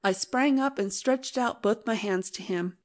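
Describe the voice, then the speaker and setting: A woman narrates an old novel in a measured, earnest voice at a middling pitch. Her reading is steady and unhurried. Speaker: audiobook narrator. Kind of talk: scripted narration.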